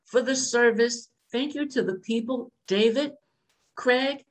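A woman's voice: fairly high pitch, a little slow. Candid older woman sharing her recovery. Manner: candid, repetitive refrains. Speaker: speaker at a recovery meeting. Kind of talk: personal recovery share. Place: video call from home. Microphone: video call.

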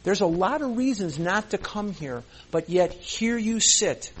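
Here a husky, high-sitting male voice with lively intonation speaks unhurriedly to a recovery meeting. The impassioned speech is earnest and emotional; he repeats phrases for weight and keeps his tears in check.

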